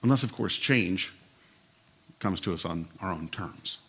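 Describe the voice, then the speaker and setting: A male pastor delivering a sermon with a somewhat low, husky voice. He talks like he is telling a story to friends, relaxed and a little humorous. When he drives a point home he becomes earnest and emphatic. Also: unhurried.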